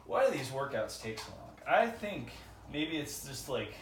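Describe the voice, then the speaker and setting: A man's voice: medium pitch, very animated, unhurried, heavy background noise. Man rambling through a gym workout. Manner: rambling, musing aloud between sets. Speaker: vlogger. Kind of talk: casual workout vlog. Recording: echoey gym, far from mic.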